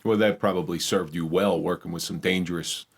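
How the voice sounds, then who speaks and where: Deep husky guy co-hosting, asks lots of questions. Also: fairly even intonation, a little fast. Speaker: podcast co-host. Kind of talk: casual interview chat.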